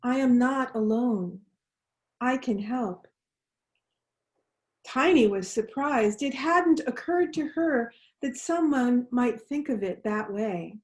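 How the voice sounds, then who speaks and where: A woman minister telling a story during a worship service, gently leading the congregation in responsive lines. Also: fairly high pitch. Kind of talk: storytelling sermon.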